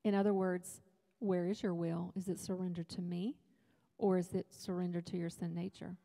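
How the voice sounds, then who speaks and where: A woman's voice: fairly low pitch, flat delivery, normal speed, creaky, mellow, big-room sound. A woman preaching at a women's retreat, talking to the crowd in a loose, joking way. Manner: conversational, humorous preaching with asides. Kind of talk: sermon. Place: church hall.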